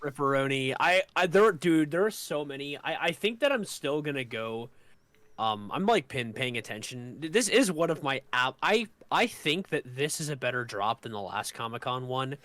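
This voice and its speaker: A man's voice: mid-range voice, lively intonation, moderate pace, a bit bright, no echo. A young man co-hosting a casual podcast, rambling and stammering with playful teasing. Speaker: podcast co-host. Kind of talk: casual chat.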